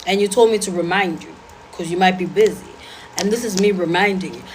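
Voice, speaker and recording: A woman's voice: lowish voice, poor audio. Blunt, sassy woman talking to a crowd. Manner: blunt, sassy, rapid-fire. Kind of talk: casual talk to an audience.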